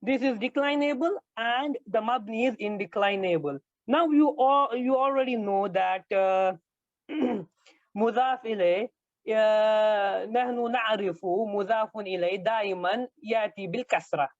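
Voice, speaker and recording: A man's voice: high-pitched, no room sound. Man teaching grammar, hesitant, dry lo-fi. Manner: slow, repetitive explaining with frequent hesitations. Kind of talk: online grammar lecture. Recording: dull lo-fi dry sound.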